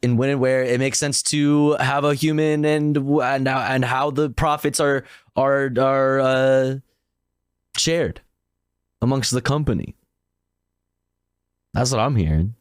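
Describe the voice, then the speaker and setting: A man's voice: medium pitch, takes it slowly, long pauses, smooth, dry recording, studio quality. A man reacting casually on a live stream, cracking jokes and swearing now and then. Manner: joking interjections, swears casually.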